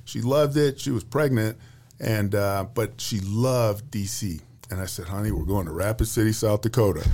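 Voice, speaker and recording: Relaxed chatty older-sounding general. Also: male voice, lowish voice, moderate pace. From United States. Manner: relaxed, chatty, lots of fillers and restarts. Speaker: retiring Air Force general, podcast guest. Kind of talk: casual storytelling interview.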